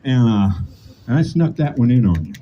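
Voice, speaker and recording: Outdoors, a man in his late sixties gives an impassioned rally speech as a protest speaker, building his points through repetition in a sing-song, repetitive cadence. His voice is medium-pitched and dark in tone, moving at a moderate pace. The lo-fi recording carries a little hiss or hum.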